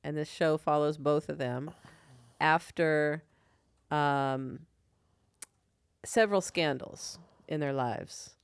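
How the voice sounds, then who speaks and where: A woman co-hosting a casual TV talk podcast, chatty and quick to laugh. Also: sits low, clean tone, no room sound, studio quality. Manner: giggly, chatty, laughs often. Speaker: podcast co-host. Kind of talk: casual chat.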